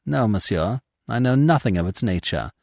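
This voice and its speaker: A man's voice: on the low side, lively intonation, moderate pace, gravelly, a little mellow, no room sound, studio quality. A man reading aloud, voicing a proud and dignified widow in a storybook mystery. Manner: dignified, emotional. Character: proud, resolute grieving older widow.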